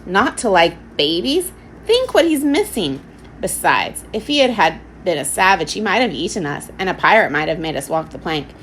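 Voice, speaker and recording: A woman reading a storybook aloud, voicing a kind, sensible girl who speaks gently and reassuringly. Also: on the low side, big pitch swings, normal speed, a little hiss or hum, poor audio. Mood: gentle.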